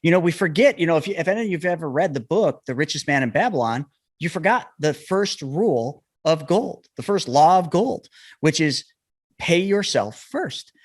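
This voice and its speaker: A man's voice: a little high, expressive, moderate pace, no room sound, clean studio sound. A man hosting a podcast interview, speaking straight to the listeners in a lecturing tone. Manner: addresses listeners directly, lecturing tone. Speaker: podcast host.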